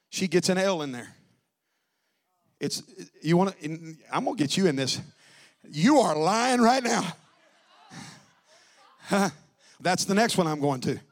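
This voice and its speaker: A man preaching a Pentecostal sermon, teasing and conversational at first, then building to shouted, drawn-out preaching. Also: high voice. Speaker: pastor.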